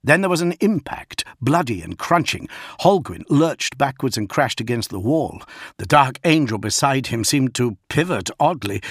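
A man narrating a dark war audiobook in a grave, steady voice, pitched at a plain middle level. The read is close and bone-dry, with no room around it. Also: breathy edge, dry recording. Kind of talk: dramatic scripted narration.

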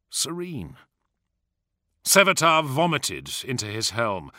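A man narrating an audiobook in a measured, dramatic way, with hushed asides. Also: mid-range voice, no room sound, studio quality.

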